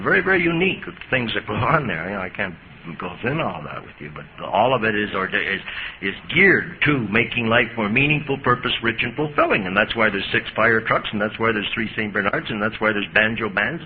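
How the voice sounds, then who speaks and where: Folksy priest on old muffled tape. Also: male voice, lowish voice, a little fast. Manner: lively, folksy, jokey storyteller. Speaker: priest giving an AA talk. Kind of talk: recovery talk to an audience. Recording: muffled 1980s tape with hiss.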